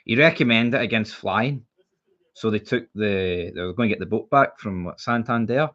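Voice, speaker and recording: This casual live-stream chat features a young Scottish man going off about football, blunt and heated, swearing freely and repeating himself. He has a lowish, fairly bright voice at a moderate pace, on dull audio.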